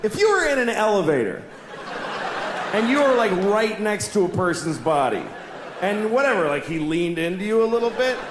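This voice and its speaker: Male stand-up comic, high and animated, confessional with shouted bursts, roomy venue. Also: moderate pace, noisy background. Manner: confessional, shifts from musing to shouted outbursts. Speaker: stand-up comedian. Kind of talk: stand-up set.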